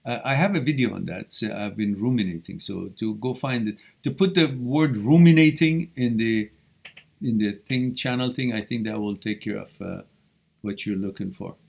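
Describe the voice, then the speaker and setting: A man hosting a live question-and-answer stream, reading viewer questions aloud and answering them with blunt, animated tough-love advice. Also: lowish voice, moderate pace, gravelly. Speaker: live Q&A host giving relationship advice.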